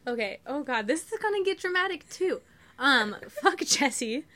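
A woman's voice: sits high, big pitch swings, normal speed, pushed and bright. A young woman chatting as a podcast guest, giggling often, nervous and swearing freely. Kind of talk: casual chat.

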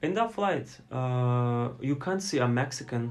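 A man's voice: medium pitch, animated, measured pace. A Turkish man with a Turkish accent, chatting in an interview about his airline work, storytelling with many fillers and acted-out quotes. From Turkey. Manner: storytelling, acts out passengers' lines, many fillers. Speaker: flight attendant guest. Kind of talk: casual interview chat.

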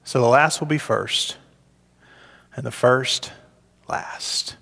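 A man's voice: slow, creaky. Man preaching in a reverberant hall. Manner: rises high and loud when voicing complainers. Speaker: pastor. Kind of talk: sermon.

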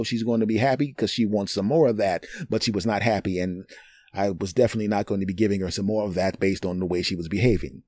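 A man hosting a podcast, telling personal stories in an animated, digressive, joking way. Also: mid-range voice, dry recording. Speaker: podcast host. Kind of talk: storytelling monologue.

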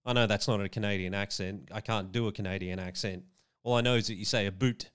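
A man giving indignant, animated commentary on political video clips, full of chatty asides. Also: on the low side, quick pace, clear, resonant tone. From Australia.

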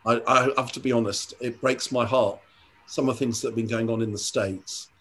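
An older man speaks in an ordinary, mid-pitched voice, earnest and reflective. He is a church leader chatting in an interview. He often hesitates and restarts his sentences as he thinks. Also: fairly even intonation, brisk, fairly bright tone. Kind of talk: conversational interview storytelling.

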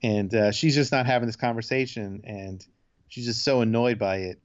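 A man's voice: mid-range voice, fairly even intonation, normal speed, dry recording, lo-fi sound. A man chatting casually as a podcast host, rambling through a retelling of a TV episode and loosely acting out the quotes. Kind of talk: casual chat recapping a TV episode.

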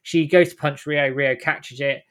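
A man's voice: on the high side, steady tone, a little slow, a bit bright. Casual man recapping a story. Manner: rambling, self-correcting plot retelling. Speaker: host recapping a game. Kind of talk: casual chat.

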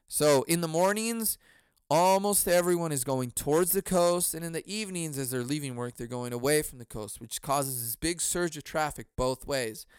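A man's voice: a little high, normal speed, smooth, no room sound. A man hosting a comedy podcast, telling a rambling, profane story in a casual monologue. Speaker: podcast host.

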